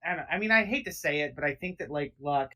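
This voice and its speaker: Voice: mid-range voice, expressive, fast talker, sharp tone. A podcast co-host reacting in casual chat, speaking hesitantly and often restarting sentences.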